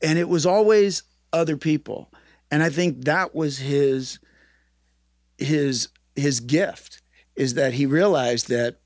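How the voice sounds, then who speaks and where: A man giving a personal memorial tribute, telling stories in an earnest, halting way and acting out remembered dialogue. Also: medium pitch, dry recording, clean studio sound. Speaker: eulogist at a memorial.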